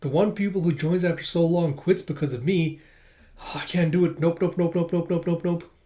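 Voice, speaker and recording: A gloomy, bookish young male apprentice from a manga who sighs and repeats himself in resignation, as voiced by a man reading aloud. The voice sits a little high. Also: moderate pace, mellow, close to an everyday voice. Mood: glum. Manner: sighing, repetitive.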